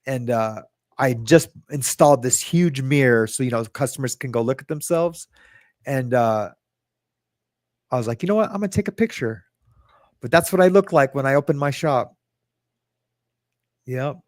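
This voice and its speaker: A man's voice: medium pitch, measured pace, pauses often, no room sound, clean studio sound. Rambling self-mocking male livestream host. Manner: rambling, self-mocking, reads chat aloud. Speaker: podcast host. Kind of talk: casual livestream chat.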